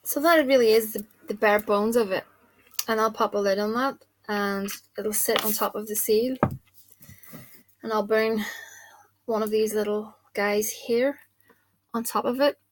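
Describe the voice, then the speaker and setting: A woman's voice: fairly high pitch, no room sound. A woman doing spells and card readings, chatting informally to her camera at a table indoors and thinking aloud as she goes. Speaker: spell caster and card reader. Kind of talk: casual talk to camera. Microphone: camera mic.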